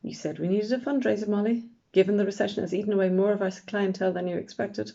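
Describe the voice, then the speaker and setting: A woman's voice: mid-range voice, steady tone, quick pace, gravelly, mellow, close to an everyday voice. Woman reading an earnest, hopeful man. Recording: dull lo-fi recording.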